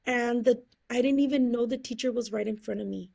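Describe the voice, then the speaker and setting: A woman's voice: a little high, a little fast, gravelly, mellow. A woman guest telling her life story in an interview, acting out the people she quotes and laughing often. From California, USA.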